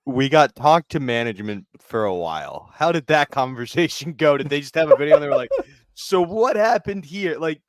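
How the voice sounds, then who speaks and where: A man's voice: mid-range voice, animated, brisk, hardly any pauses, no echo. A man co-hosting with dry, teasing banter in casual morning show chat. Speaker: co-host.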